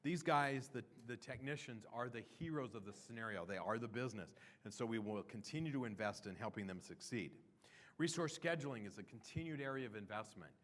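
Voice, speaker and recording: A man of ordinary pitch talks through a product roadmap at a conference session. He keeps it loose and chatty, trailing off and restarting sentences. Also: lively intonation, a little fast, a bit bright. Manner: conversational, with fillers and restarts. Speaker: product presenter. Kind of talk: conference talk.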